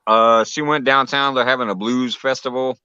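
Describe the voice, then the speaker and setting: A man's voice: mid-range voice, steady tone, moderate pace, sharp tone, clear, resonant tone, dry recording, highs cut off. A man hosting a casual livestream chat, laid-back and rambling, swearing casually. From Illinois. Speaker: livestream host.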